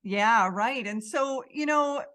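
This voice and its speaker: A woman hosting a conversational interview, joking and quick to laugh. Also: a little high, pushed and bright, faint music behind. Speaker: podcast host.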